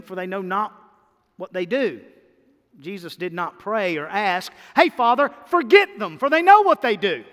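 A man delivers a sermon with a high-pitched voice that climbs to emphatic peaks and settles into quieter stretches. His words trail into the long reverb of a large hall. He speaks as a pastor to his congregation. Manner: energetic preaching, rising to emphatic peaks and dropping to quiet asides.

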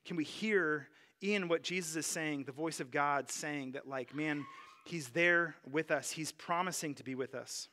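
A man's voice: a little high, a little slow, pushed and bright. A man, a pastor, preaching a sermon in an earnest, conversational way, with frequent fillers and restarts.

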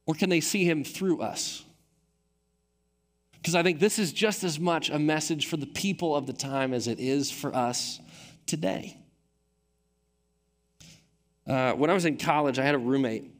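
Man, pastor, thirties, conversational sermon, slightly higher voice, quiet quoted asides. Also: measured pace, long pauses, big-room sound. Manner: conversational, animated storytelling with quiet acted-out quotes. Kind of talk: sermon with storytelling.

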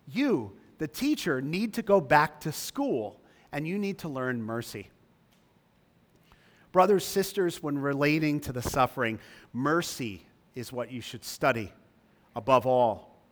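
A man preaching a sermon, emphatic, his voice rising high when he reads scripture aloud. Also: fairly bright tone. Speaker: pastor. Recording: long reverb of a large hall.

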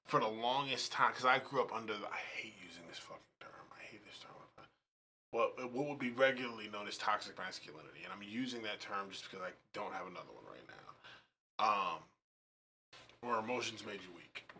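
A man's voice: lowish voice, brisk, gravelly, bright, forceful tone, slight background noise. A man co-hosting a casual podcast chat, telling stories emphatically with lots of swearing. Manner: profane, emphatic storyteller.

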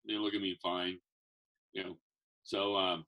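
A man's voice: fairly low pitch, brisk, creaky, pushed and bright, poor audio. A man who works as a professional Santa and magician, telling stories in a rambling, casual way and acting out the people he quotes. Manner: rambling, acts out quoted voices. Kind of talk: casual conversational storytelling.

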